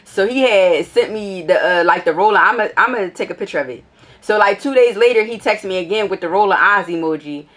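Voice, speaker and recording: A young woman telling a casual storytime vlog, blunt and profane as she reads out old messages. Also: a little fast. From Philadelphia. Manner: blunt and profane, gets animated and higher when annoyed. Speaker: vlogger.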